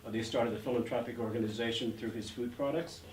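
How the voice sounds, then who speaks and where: A man's voice: mid-range voice, fairly even intonation, fast. Rambling older man telling stories. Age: 60s. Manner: rambling, many "uh" fillers. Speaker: actor guest. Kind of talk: anecdotal interview storytelling. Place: art gallery event. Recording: roomy, distant mic, faint noise.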